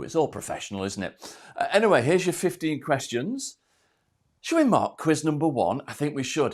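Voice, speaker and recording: A man's voice: fairly high pitch, big pitch swings, moderate pace, a little mellow. A man hosting a live online quiz from home, out of breath, chatty and self-deprecating as he reads out questions and answers. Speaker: quiz host.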